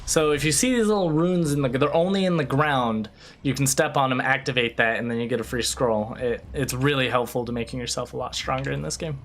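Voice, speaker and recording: A man streaming a video game, ranting in a loose, animated way, swearing freely and often restarting his sentences. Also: medium pitch, fairly quick, a little hiss or hum. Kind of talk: casual livestream chat over gameplay.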